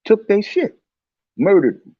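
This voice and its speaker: A man's voice: high voice, huge pitch swings, measured pace, dry recording, lo-fi sound. A man hosting a casual religious commentary talk, speaking in a heated, preachy way and repeating his points.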